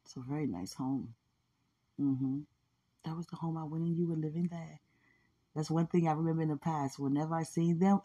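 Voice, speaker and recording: A woman talking in a heartfelt, prayerful way about faith and love, often murmuring quiet agreement. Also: low voice, breathy edge. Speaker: podcast speaker. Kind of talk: casual emotional talk about faith and love.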